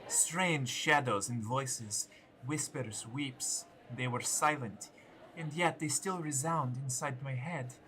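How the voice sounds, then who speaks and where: A man reading in-game notes aloud in a put-on posh accent, slow and hushed. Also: medium pitch, low-quality recording. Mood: hushed dramatic.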